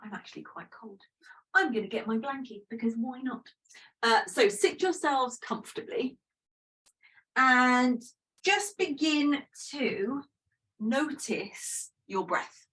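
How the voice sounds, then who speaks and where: A woman guiding a yoga breathing practice in a gentle, chatty, self-deprecating way. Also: sits high, animated, slow, far from the mic, rough recording. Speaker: yoga teacher. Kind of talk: guided breathing instruction.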